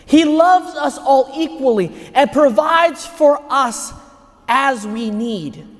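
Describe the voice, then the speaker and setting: Preacher with a high, emphatic voice. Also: male voice, lively intonation, slow pace. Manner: emphatic, rhetorical questions. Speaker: homilist at Mass. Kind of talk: sermon. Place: large church. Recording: echoey church hall.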